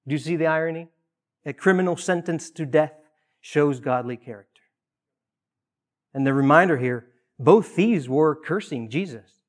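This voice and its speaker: A man's voice: on the high side, normal speed, pauses often. A man preaching a sermon, earnest, with emphatic rises and repeated phrases.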